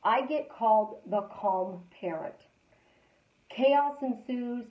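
A woman hosting a live stream as a life coach, talking casually and repeating calm affirmations in a chatty, storytelling way. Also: a little high, takes it slowly, echoey room, highs cut off.

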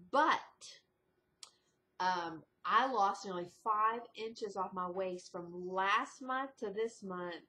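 A woman vlogger chatting casually at home in a rambling video diary, breaking into high, excited exclamations. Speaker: diet vlogger. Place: indoors at home.

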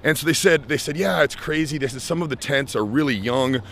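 A young man from the United States, a life skills coach, tells a story in a lively vlog style and acts out the voices of the people he quotes. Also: mid-range voice, a little fast, slight background noise.

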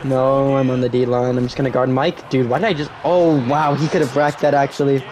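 A young man giving live commentary on his own football video game, cheering loudly on big plays and grumbling when things go wrong. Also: medium pitch, little pitch movement, brisk. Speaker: gaming YouTuber.

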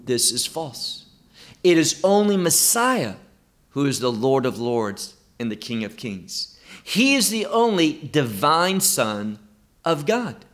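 A man teaching through a Bible passage verse by verse, speaking slowly and with emphasis. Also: fairly high pitch, big pitch swings, a bit bright. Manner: slow, emphatic, quoting scripture verse by verse.

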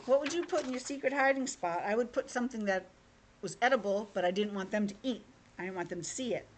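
A woman's voice: medium pitch, fast talker, a little hiss or hum. A young woman teacher reading a picture book aloud to children over a video call, with chatty asides. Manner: animated, chatty asides to kids.

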